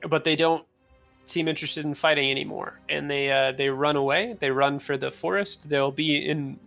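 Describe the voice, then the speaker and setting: A man narrating a tabletop role-playing game as game master, talking in a relaxed, loose way with fillers. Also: a little high, normal speed, gravelly, soft background music.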